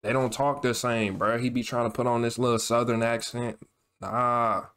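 A man with a mid-range voice hosting a music reaction. He talks casually and excitedly in loose slang. He often repeats his phrases. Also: mid-range voice, normal speed, smooth.

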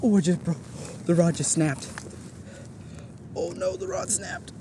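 A man vlogging from a kayak while fishing, exclaiming and talking excitedly to his viewers, short of breath. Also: high voice, unhurried. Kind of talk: excited outdoor commentary. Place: on a kayak on open water. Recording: noisy outdoor recording.

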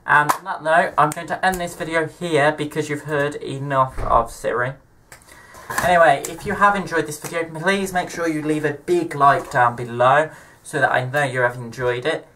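A man's voice: fairly high pitch, normal speed, pushed and bright, a little hiss or hum. A man hosting a casual vlog, talking in a jokey, chatty way. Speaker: vlogger.

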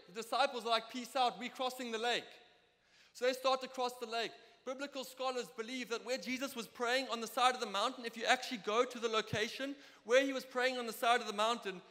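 Young South African man, preacher; high, bright voice; lively storyteller; reverberant church hall. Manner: lively, storytelling, acts out dialogue. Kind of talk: sermon with personal stories.

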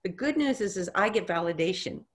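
Animated woman, lower voice. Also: fairly quick. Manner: animated storyteller who acts out quotes. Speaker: guest, intuitive reader. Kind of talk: casual interview conversation.

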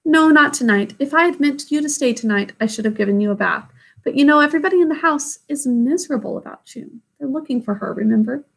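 A woman reading aloud, voicing a calm, ancient and wise great-grandmother who reassures a child. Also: high-pitched, quick pace, creaky, voice pushed up. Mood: tender. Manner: tender, reassuring.

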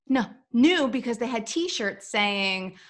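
A woman's voice: a little high, lively intonation, slow. A woman hosting an interview, telling a story in a chatty, friendly way over a video call. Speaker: interview host. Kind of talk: casual interview chat.

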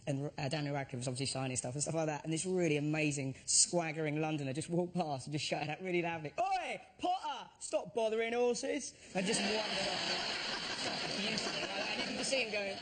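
A man on a comedy panel, telling lively anecdotes and acting out the people in them. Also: a little high, fast, few pauses. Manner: animated, acts out voices in anecdotes. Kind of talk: comic storytelling. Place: TV studio with audience. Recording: loud audience noise behind.

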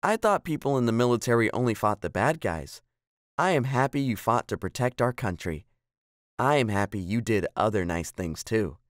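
A man's voice: on the low side, expressive, moderate pace, no room sound, studio quality, natural voice. A man voicing an eager, curious little girl in a storybook reading. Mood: pleased. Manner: eager, asks many questions.

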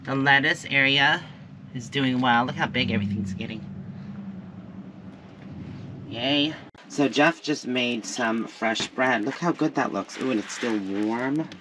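Outdoors at a camp, a vlogger chats cheerfully through a casual gardening video, cooing at his pets. His medium-pitched voice moves at a measured pace with long pauses, and background noise is audible.

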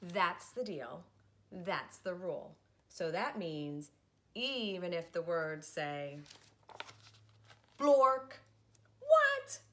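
A preschool teacher reads a picture book aloud to children, playful and theatrical, slipping into silly voices. Her voice is fairly low, expressive, and slow.

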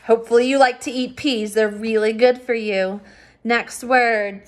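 A woman with a high voice leads a recorded phonics lesson for young children. She talks slowly and patiently and breaks each word into its sounds. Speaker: teacher.

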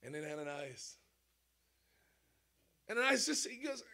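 A man preaching an animated sermon, with rhetorical questions and playful sound effects. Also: high-pitched, a little slow, pauses often.

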